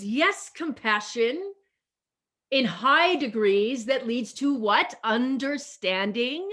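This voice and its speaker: A woman pastor preaching over a video call, with a slightly higher voice that takes its time. She builds her points through emphatic repetition and stretches out the key phrases so they land. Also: lively intonation, slow, a bit bright.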